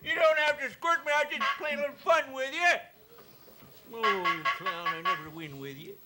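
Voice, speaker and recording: A folksy wheedling storekeeper. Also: male voice, very high-pitched, expressive, normal speed, crowd noise. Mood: mock exasperated. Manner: wheedling, coaxing, folksy exclamations. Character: folksy small-town male storekeeper, teasing and eager. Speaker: children's TV character. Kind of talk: 1950s children's TV acting.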